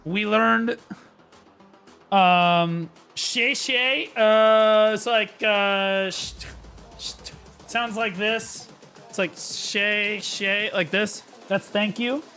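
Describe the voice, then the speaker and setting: On a live stream, an American man chats casually in a bright, forceful, high voice, drawing out his words. He rambles, restarts sentences, and bursts into excited shouting while faint music plays in the background.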